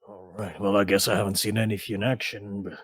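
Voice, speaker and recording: A man voicing a quiet, glum young man who speaks in a subdued, hesitant way. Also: on the low side, flat delivery, quick pace, husky, dry recording. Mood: wary.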